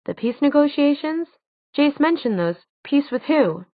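A woman reading the part of a blunt, sarcastic teenage girl, pitching her voice higher with quick questioning retorts. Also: expressive, no echo. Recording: dry, tinny phone-like sound.

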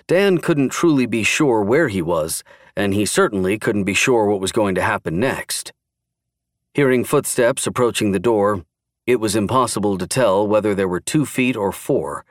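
A man narrating a thriller audiobook in steady, measured scripted narration. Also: on the low side, dry recording, clean studio sound.

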